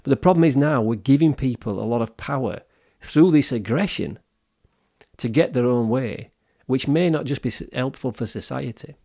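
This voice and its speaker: A gravelly-voiced man in his fifties makes his points on a wellbeing podcast. His pitch sits mid-range for a man, and he talks earnestly and opinionatedly, often restarting his sentences. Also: moderate pace, warm tone. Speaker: podcast co-host. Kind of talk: casual podcast discussion.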